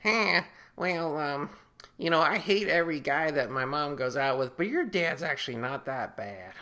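A man doing a young girl in a halting voice with ums and pauses. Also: a little high, animated, sharp tone, pitched above the performer's own voice. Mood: grudging. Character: hesitant young girl, grudgingly fair.

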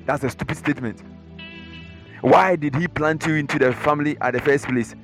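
A man with a Ghanaian English accent preaching a lively sermon in church, acting out the voices of troubled believers. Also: a little high, normal speed, long pauses, faint music behind. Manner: dramatic, acts out inner voices and congregants. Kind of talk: animated sermon.

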